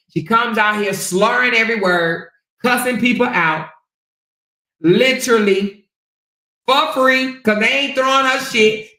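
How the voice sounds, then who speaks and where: A woman's voice: fairly high pitch, pushed and bright. Female livestream host, brash and profane gossip commentator, roomy echo.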